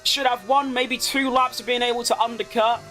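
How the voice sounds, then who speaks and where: A man talking through his racing game in a very high, bright voice. He chats along casually, then jumps into excited shouts whenever things get close, and swears freely. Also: brisk, a little hiss or hum. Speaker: gaming creator. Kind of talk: live gameplay commentary.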